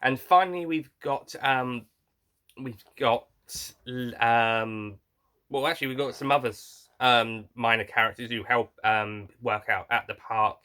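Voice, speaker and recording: Man, film reviewer, bright tone, casual rambling delivery, blunt opinions, lots of self-corrections. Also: mid-range voice. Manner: rambling, frank, with frequent restarts and blunt swearing.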